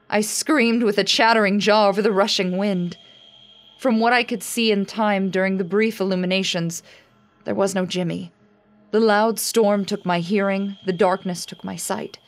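A woman giving a scripted horror story narration in a dramatic, measured storytelling manner. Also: mid-range voice. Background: faint music.

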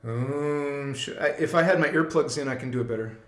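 A man hosts a live spiritual stream, speaking casually with lots of slang as he guides listeners through chants and affirmations. His voice is medium-pitched and brisk, with a roomy sound.

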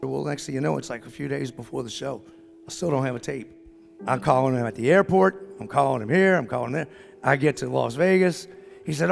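A man speaking at a business summit, telling a story to the audience in an animated way and acting out what everyone in it said. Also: fairly high pitch, brisk, creaky, soft background music. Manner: animated, acts out the dialogue of the people in his story.

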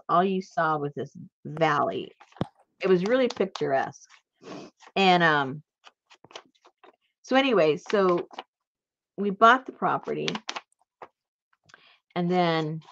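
A woman's voice: lowish voice, lo-fi sound. A woman telling a long personal story in casual chat, rambling and laughing as she goes. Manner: rambling, animated, laughs while telling stories. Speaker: crafter and channel host.

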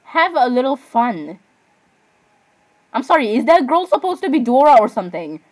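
Excitable high-voiced teenage girl vlogger. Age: teens. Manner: excitable, exclamatory, quick shifts between giggly outbursts and mumbled asides. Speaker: reaction vlogger. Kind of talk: casual reaction commentary.

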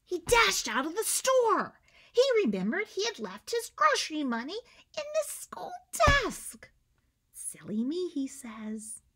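Woman teacher, children's read-aloud; high, bright, very animated, unhurried. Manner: animated, drops to whispers for suspense; coaxes listeners to join in. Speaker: teacher reading a picture book aloud.

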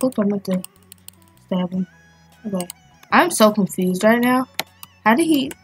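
A woman giving casual, excitable commentary as she plays a video game, chatting and thinking aloud as she goes. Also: mid-range voice, unhurried, husky, faint music behind. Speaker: gaming channel host.

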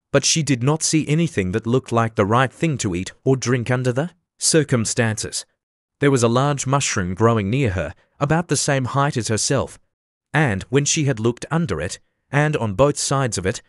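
A man reading a classic children's story aloud as an audiobook narrator, steady and even. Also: mid-range voice, no room sound, studio quality. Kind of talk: scripted narration.

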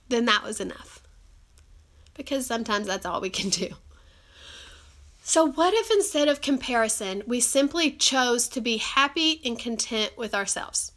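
A woman's voice: on the high side, expressive, normal speed, fairly bright tone. A woman with a cold hosting a live stream, talking earnestly and chattily with many fillers. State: has a cold. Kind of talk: encouraging live-stream talk. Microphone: phone or webcam live stream.

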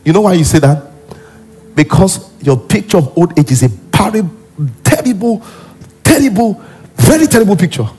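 Animated, high-voiced pastor. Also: male voice, moderate pace, pauses often, breathy edge, soft background music. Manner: animated preaching, often acting out characters. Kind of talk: sermon. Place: church.

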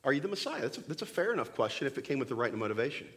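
A man preaching a sermon as pastor, animated and joking, acting out little scenes for his congregation in a church. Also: mid-range voice, racing, breathy edge. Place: church sanctuary.

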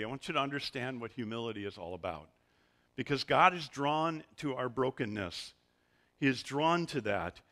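A man's voice: medium pitch, pushed and bright. A middle-aged man preaching a sermon as a pastor, telling stories with animation and acting out the voices he quotes. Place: church sanctuary.

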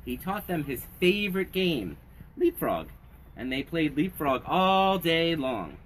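Animated middle-aged man reading a storybook. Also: fairly high pitch, takes it slowly, slight background noise. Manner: animated, sing-song, kid-friendly. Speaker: library story time host. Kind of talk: reading a picture book aloud to children.

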